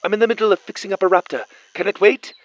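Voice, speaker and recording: A man reading a storybook voices a small, frantic woman who talks quickly and fretfully. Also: high voice, lively intonation, vocal fry, husky, no room sound, voice pushed up, full character voice.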